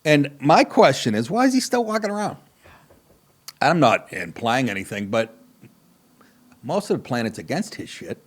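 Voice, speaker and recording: Profane rambling comedian host. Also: male voice, mid-range voice, sing-song, normal speed, long pauses. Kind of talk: casual comedic podcast monologue.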